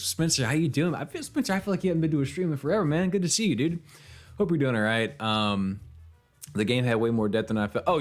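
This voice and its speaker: Male streamer, low-pitched, quick talker, tired, rambling, easygoing, frequent laughs and fillers, casual live-stream chat. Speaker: game streamer and voiceover actor.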